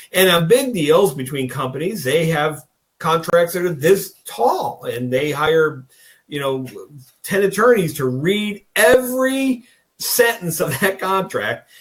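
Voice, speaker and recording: A man co-hosting a political podcast, talking in a folksy, rambling, emphatic way and acting out little dialogues. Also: fairly high pitch. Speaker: podcast co-host. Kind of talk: casual political talk. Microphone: video call.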